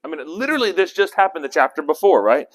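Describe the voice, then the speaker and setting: Speaking fast and with great animation, a man teaches an informal Bible study in a high-leaning voice. His talk wanders like a conversation and he frequently stops to fix what he's saying, all under a long hall reverb.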